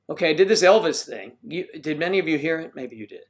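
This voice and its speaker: A man's voice: a little high, fast talker, few pauses. An older man hosting a casual livestream, greeting viewers by name and rambling while he fumbles with his equipment. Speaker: livestream host.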